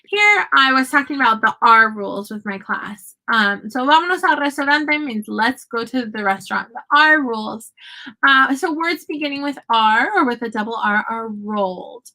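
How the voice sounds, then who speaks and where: Bright-voiced woman teaching Spanish phrases. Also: a little high, expressive, rough recording. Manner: chatty, explains slowly, switches between Spanish and English phrases. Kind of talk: casual language lesson. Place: home.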